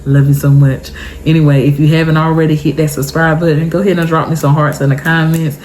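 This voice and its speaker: A young adult woman telling an emotional storytime vlog, tearful and expressive, talking straight to her viewers. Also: low voice, quick pace, slight background noise. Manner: expressive, heartfelt, chatty, addresses viewers directly. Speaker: vlogger.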